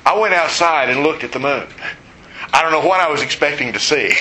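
A man delivers a teaching sermon in a bright, forceful voice pitched slightly high. He explains scripture in a conversational way, dropping in light asides. A faint background noise sits under the recording. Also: fairly quick, low-quality recording. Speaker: preacher.

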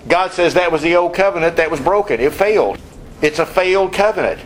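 A man's voice: fairly high pitch, fairly quick, a little hiss or hum, low-quality recording. A man preaching a sermon in an emphatic, conversational way, often asking rhetorical questions and tossing in casual asides.

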